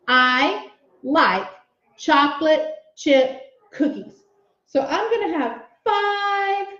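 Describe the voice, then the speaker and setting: A woman teaching young children a writing lesson, speaking slowly, encouraging them and sounding out letters and words aloud. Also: high-pitched. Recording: echoey room, slightly dull sound.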